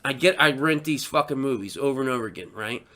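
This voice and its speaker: A man co-hosting a casual podcast, excitable and profane, acting out his own loud reactions. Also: medium pitch, quick pace. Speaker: podcast co-host.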